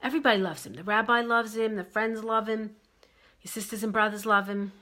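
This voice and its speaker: A woman's voice: medium pitch, steady tone, brisk, bright, forceful tone. A woman from Brooklyn, giving relationship advice in an emphatic monologue that repeats its key phrases. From Brooklyn, New York.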